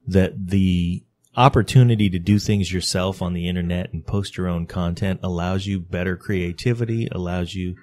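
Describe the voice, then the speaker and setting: A man with a deep, low voice hosts a podcast and asks long interview questions at a measured, deliberate pace. He sounds steady and unhurried as he puts each question together. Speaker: podcast host.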